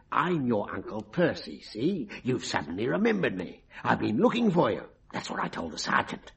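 An actor playing a breezy, wheedling stage mind-reader who talks in slang, in a vintage radio drama. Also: male voice, medium pitch, huge pitch swings, normal speed, gravelly, slight background noise. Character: brash cockney male stage mind-reader.

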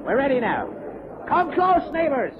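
A man's voice: extremely high pitch, huge pitch swings, measured pace, over a noisy crowd, heavy background noise, heavily acted. An actor playing a hotheaded young Irish groom who bullies his mother, in old-time radio drama with an Irish accent, on a dull old recording. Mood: eager.

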